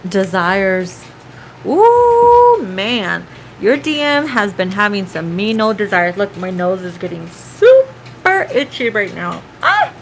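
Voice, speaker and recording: A woman's voice: mid-range voice, very animated, a little slow, fairly bright tone, a little hiss or hum, low-quality recording. Chatty, profane woman tarot reader. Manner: profane and chatty, breaks into song. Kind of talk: casual tarot reading.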